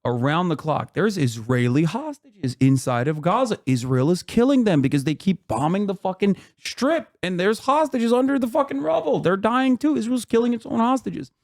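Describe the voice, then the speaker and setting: A man's voice: sits high, big pitch swings, normal speed, few pauses. A man hosting a live stream, giving heated, casual political commentary with frequent swearing and emphatic outbursts. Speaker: streamer host.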